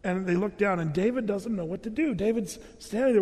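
With a brisk delivery, a pastor brings a story to life in his sermon, his high, bright voice rising as he takes on different characters. The church hall adds a long, echoing reverb.

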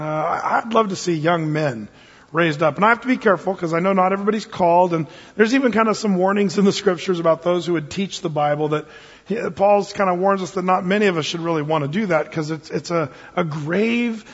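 A man's voice: high voice, husky. A man preaching a sermon as pastor, in a conversational, joking way. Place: church sanctuary. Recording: reverberant hall, dull lo-fi sound.

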